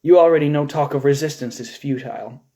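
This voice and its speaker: A man reading aloud as a cold, unseen interrogator who speaks in a flat, clinical and insistent way. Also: on the high side, quick pace, close to an everyday voice. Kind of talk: live audiobook reading.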